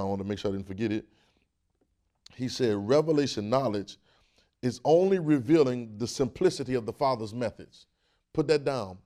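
A man's voice: mid-range voice, mellow. A man preaching a sermon, with emphatic, rising bursts and repeated phrases.

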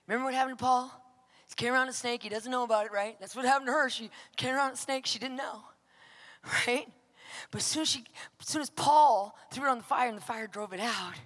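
A woman preaching, telling a story with lively acted-out dialogue that swings from whispers to shouts. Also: on the high side, in a large hall. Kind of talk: sermon storytelling.

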